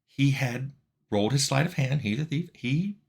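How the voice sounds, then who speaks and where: A middle-aged man casually telling a funny anecdote in a relaxed, wry way, sometimes laughing as he goes. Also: medium pitch, normal speed, vocal fry. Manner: relaxed, wry, laughs at his own story. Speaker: game developer telling a story.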